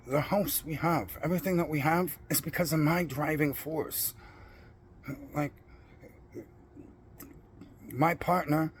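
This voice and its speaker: A man's voice: medium pitch, a little hiss or hum. A middle-aged man in a blunt, profane personal rant, defiant and boastful about his principles. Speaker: vlogger.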